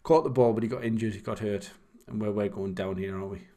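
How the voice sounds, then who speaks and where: A man's voice: on the low side, fairly even intonation, quick pace, dark tone. A young man, casually chatting and rambling while commentating on his own game. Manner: rambling, chatty, self-deprecating. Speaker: streamer.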